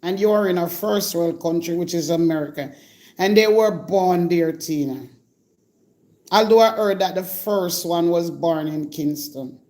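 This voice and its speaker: A woman's voice: on the low side, a little slow, a little mellow. Jamaican woman, live-stream host, scolding and indignant, calls people out directly. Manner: scolding, indignant, addresses her target directly. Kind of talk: confrontational live-stream rant.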